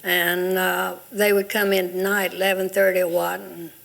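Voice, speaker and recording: An older woman reminiscing as a panel guest, listing details in a measured way with small hesitations. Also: on the low side, flat delivery, vocal fry, a bit bright, low-quality recording. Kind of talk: casual reminiscing.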